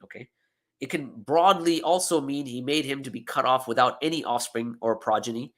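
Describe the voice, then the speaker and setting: A man's voice: mid-range voice, normal speed, a bit bright. A man giving a classroom lecture on scripture, explaining step by step, often asking "okay?" and "right?", and repeating words for emphasis. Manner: repeats words for emphasis, self-corrects mid-sentence.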